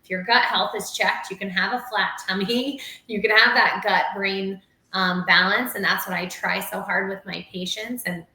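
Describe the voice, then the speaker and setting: Woman, doctor guest, bright voice, chatty and rambling, echoey room. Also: medium pitch, steady tone, moderate pace. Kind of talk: casual live-stream chat.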